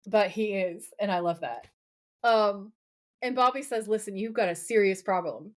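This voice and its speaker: A woman co-hosting a podcast in casual chat, recapping a TV episode with lively, laughing quotes of the characters. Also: medium pitch, moderate pace. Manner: animated, laughing, quoting characters in playful voices.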